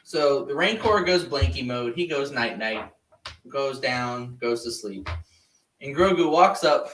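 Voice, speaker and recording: Animated, rambling man in an echoey room. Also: mid-range voice, slow pace, distant mic. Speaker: podcast host. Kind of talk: casual chat.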